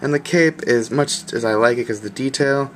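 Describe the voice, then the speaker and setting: A man's voice: medium pitch, moderate pace, slight background noise. A man giving a casual video review of a toy, talking in an enthusiastic, slangy, rambling way.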